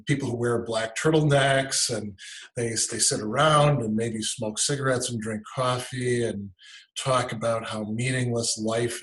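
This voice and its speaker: A man's voice: mid-range voice, poor audio. A man, a guest philosopher in casual conversation, explaining ideas as he thinks aloud and often restarting his sentences.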